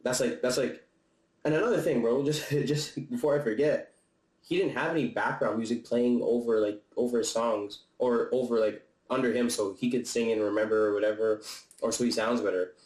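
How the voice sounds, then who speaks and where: A young man reviews a concert in a casual vlog, chatting loosely with slang, profanity, frequent laughs and restarts while sounding slightly out of breath. His medium-pitched voice is brisk and darkish with fairly even intonation, picked up by a camera-mounted mic in an echoey room.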